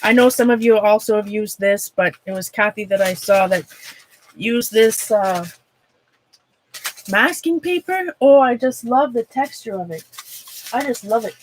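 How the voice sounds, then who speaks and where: A woman's voice: a little high, a little hiss or hum, rough recording. A woman with a Minnesota accent hosting an art livestream, chatting casually with viewers while she works, rambling and breaking off mid-thought with frequent laughs. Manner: chatty, rambling, self-interrupting, quick to laugh. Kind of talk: casual livestream chat while demonstrating a craft.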